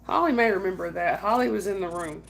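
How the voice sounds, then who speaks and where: A woman's voice: mid-range voice, fast talker, gravelly, slight background noise. A woman hosting a night chat stream, casually telling family stories, laughing often and calling out to viewers by name. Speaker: livestream host.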